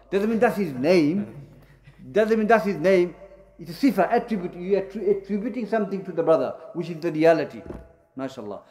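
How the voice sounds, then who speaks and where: Man, religious lecture, slightly high voice, halting delivery with many fillers, Arabic terms mixed in. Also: darkish tone. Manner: explains with many fillers and self-corrections; mixes Arabic terms into English. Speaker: Islamic studies teacher. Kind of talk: classroom lecture.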